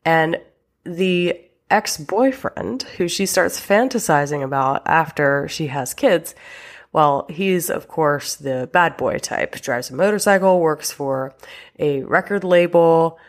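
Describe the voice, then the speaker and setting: A woman's voice: low voice, slow. A woman hosting her own podcast as a relationship coach, talking frankly and chattily, with casual swearing. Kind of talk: casual solo podcast talk.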